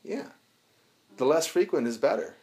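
A man teaching a recovery group in a casual, animated way, acting out bits of dialogue and swearing now and then. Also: on the high side, normal speed, vocal fry. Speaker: recovery class instructor.

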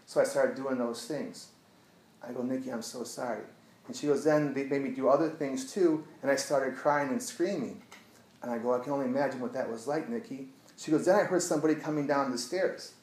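An addiction therapist tells an audience about a client, his earnest voice sinking to a hush as he retells the story. His pitch is medium and his pace fairly quick, captured in a low-quality recording with an echoey room.

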